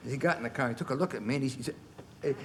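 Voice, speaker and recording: A man in his sixties, a guest on a television talk show, telling animated anecdotes and laughing through the punchlines. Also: medium pitch, racing, slight background noise. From United States. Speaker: guest actor. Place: television studio.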